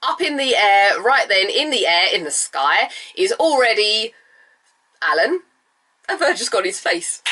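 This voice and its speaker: A woman with a cold, slightly nasal and raspy, chatting casually as she recaps a TV episode, her pitch leaping up when she gets excited. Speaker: vlogger reviewing a TV episode.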